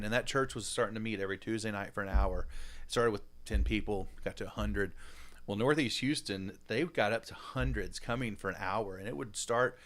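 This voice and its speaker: Man, podcast host, animated, rambling, laughs a lot, casual chat. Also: fairly low pitch. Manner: animated, rambling, laughs often, lots of fillers.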